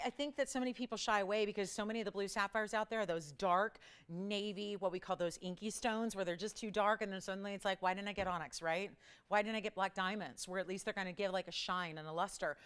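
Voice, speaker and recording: Bright-toned chatty woman shopping host. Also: medium pitch, clean tone. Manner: chatty and enthusiastic, with quick asides and laughs. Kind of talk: live home-shopping sales pitch.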